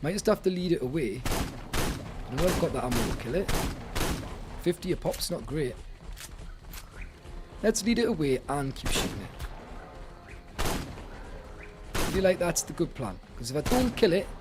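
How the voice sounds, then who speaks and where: A young man giving live commentary while he plays a video game, excitable and talking to himself. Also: on the high side, normal speed, long pauses, noisy background. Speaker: streamer. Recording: game music in the background. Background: game music.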